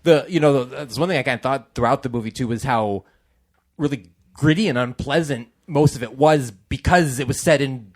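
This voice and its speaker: A man's voice: mid-range voice, normal speed. A man co-hosting a casual comics podcast, agreeable and enthusiastic in his chat.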